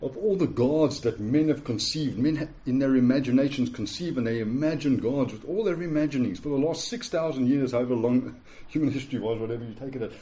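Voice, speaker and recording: A man in his forties delivers a sermon in a warm, relaxed voice, pressing his points by repeating them and asking his listeners "yeah?". The recording is dull and lo-fi. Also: medium pitch, a little fast. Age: 40s. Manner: emphatic, repeats phrases, asks the room "yeah?". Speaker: pastor. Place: church hall with a live congregation.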